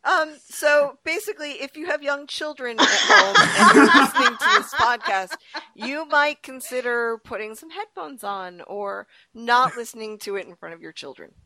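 A woman co-hosting a casual podcast, chatty and giggly, with a lively voice. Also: sits high, normal speed. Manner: giggly, animated, swearing. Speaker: podcast co-host. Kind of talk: casual chat.

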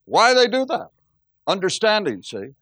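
A man's voice: sits high, moderate pace, no echo. A middle-aged man preaching a sermon as pastor, telling stories and acting out quotes with laughter. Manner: storytelling, animated, acts out quotes with laughs.

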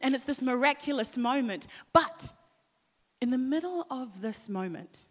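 A woman pastor preaching a sermon, impassioned, sometimes dropping to hushed asides. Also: high-pitched, expressive, a little slow, in a large hall.

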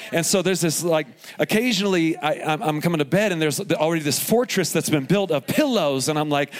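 A man in his forties preaching a sermon at a live event, telling stories with humor and lively asides. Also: fairly high pitch. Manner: animated storytelling with asides and humor. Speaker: pastor.

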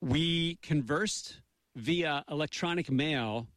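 A man's voice: a little high, takes it slowly, a bit bright, no room sound. A middle-aged man co-hosting a radio show, joking around in goofy, mock-pompous banter.

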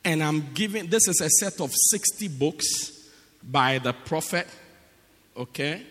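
Emphatic pastor in an echoey church. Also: male voice, on the high side, lively intonation, a little slow, fairly bright tone. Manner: emphatic, repeats himself for effect. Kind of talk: sermon announcements. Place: church hall. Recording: echoey church hall, crowd murmur.

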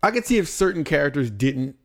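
A young man co-hosting a casual podcast chat, animated and swearing freely. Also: a little high, brisk. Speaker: podcast co-host, streamer.

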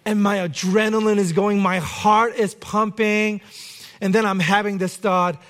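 High-voiced pastor telling a story. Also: male voice, normal speed. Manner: animated anecdote with acted shouts. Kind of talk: sermon storytelling. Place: church.

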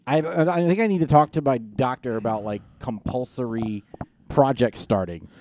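A man co-hosting a comedy podcast, telling animated stories and teasing his co-host. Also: medium pitch, moderate pace, no room sound. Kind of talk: casual comedy chat.

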